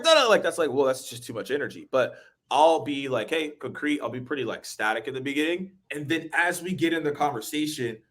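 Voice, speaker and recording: This is a young adult man hosting a casual webinar chat. He talks fast with lively energy and laughs easily. His pitch sits in a plain middle range. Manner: energetic, quick talker who laughs easily. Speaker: webinar host.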